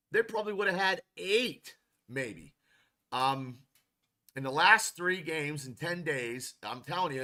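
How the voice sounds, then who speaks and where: Bright-voiced guy on a fan podcast, slow and rambling, kinda fed up. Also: a little high. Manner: frustrated, rambling, many restarts. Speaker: podcast host. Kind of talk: casual live-stream football chat.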